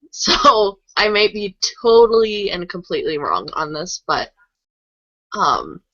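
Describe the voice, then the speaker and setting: Bright-voiced hesitant woman. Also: medium pitch, dry recording. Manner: hesitant, unsure, trailing off. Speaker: podcast co-host. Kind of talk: casual discussion. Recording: dry, dull lo-fi audio.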